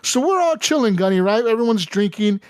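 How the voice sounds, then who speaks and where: A man hosting a casual podcast, telling a story animatedly with lots of swearing and "right?" fillers. His voice sits a little higher than average. The recording is dry and close. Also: lively intonation, a little fast, darkish tone, clean tone, no room sound. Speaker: podcast host. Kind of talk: casual chat.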